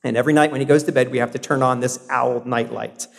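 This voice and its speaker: A man's voice: medium pitch, fairly even intonation, fast, creaky. A man in his thirties preaching a sermon as pastor, earnest and emphatic, often repeating words to stress a point. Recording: long hall reverb.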